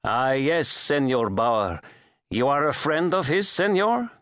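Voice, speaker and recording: A man's voice: on the high side, sing-song, slow, a bit bright, no room sound, studio quality, pitched above the performer's own voice, heavily acted. A male narrator voicing a watchful, polite hotel clerk in an audiobook, speaking deferentially and addressing the guest as sir. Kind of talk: audiobook character voice.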